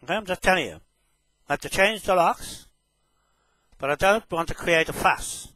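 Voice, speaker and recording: A man making a public statement straight to camera, slow and emphatic, often checking "okay?". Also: high-pitched, sharp tone, dry recording, poor audio. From New Zealand. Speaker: self-proclaimed land claimant making a public statement. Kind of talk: direct address to camera.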